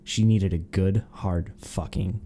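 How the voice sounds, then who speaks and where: Podcast co-host, man, giggly rambler, mellow low tone. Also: steady tone, slow, a little hiss or hum. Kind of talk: casual chat, reading fanfiction aloud.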